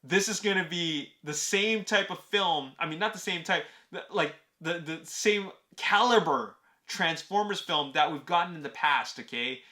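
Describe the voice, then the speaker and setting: Bright-voiced excited man talking movies. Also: a little high, normal speed. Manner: eager, emphatic, addresses viewers directly. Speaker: movie news vlogger. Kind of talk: casual fan commentary to camera.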